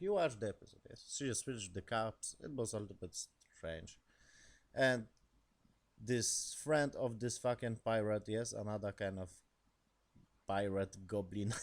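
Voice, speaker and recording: A young man with a deep voice talks through an episode in a loose, rambling review. His speech has a gravelly fry, and his English is non-native and casual. He swears freely as he goes. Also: darkish tone. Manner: rambling, swears often, laughs between remarks. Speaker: show reviewer.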